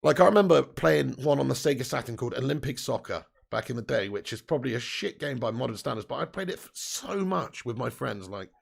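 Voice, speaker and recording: A man's voice: medium pitch, lively intonation, fairly quick, gravelly, hardly any pauses, husky. A man in his thirties, hosting a football watch-along stream, reading out chat messages in a casual, chatty way with frequent laughs and casual swearing.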